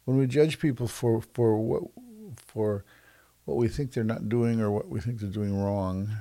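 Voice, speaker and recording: A man giving a reflective monologue who stops and restarts often and repeats words, slowing down to stress soft points. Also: fairly low pitch, steady tone. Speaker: speaker on self-judgment and kindness.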